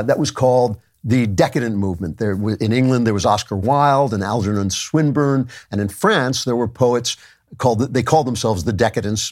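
Man hosting a commentary podcast. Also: lowish voice. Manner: conversational, with wry asides. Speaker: podcast host. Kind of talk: commentary monologue.

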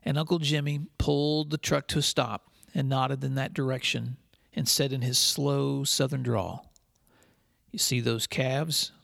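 A man hosting a podcast for school leaders, telling a story in an earnest, measured way. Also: mid-range voice, level tone, vocal fry, a bit bright, dry recording, studio quality. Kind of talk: scripted podcast monologue with storytelling.

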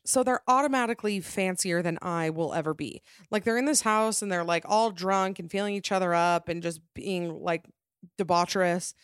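A young woman hosting a podcast, chatting casually and gossipy with quick self-mocking asides. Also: medium pitch, no echo, clean studio sound. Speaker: podcast host. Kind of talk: casual chat.

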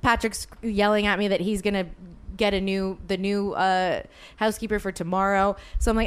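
Chatty young woman with a smooth voice. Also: mid-range voice, moderate pace, few pauses. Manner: rambling, animated, filler-heavy retelling. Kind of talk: casual storytelling chat.

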